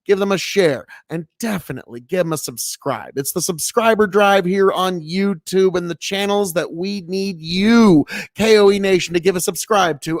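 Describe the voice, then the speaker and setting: A man's voice: high-pitched, animated, moderate pace, few pauses, no room sound. A man co-hosting a podcast, talking in a folksy, rambling way to his listeners. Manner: folksy, rambling promo talk. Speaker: podcast co-host. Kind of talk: casual podcast chat.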